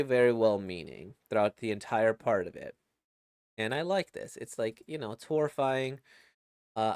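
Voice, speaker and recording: A man's voice: mid-range voice, no room sound. A man casually reacting to a webcomic he reads, rambling and reflective, with many fillers and restarts.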